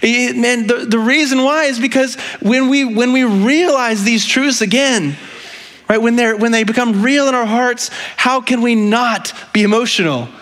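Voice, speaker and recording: Pastor, man, high voice, chatty earnest sermon delivery with frequent restarts. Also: moderate pace, a bit bright. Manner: conversational, frequently asks "right?"; speaks with rising emotion.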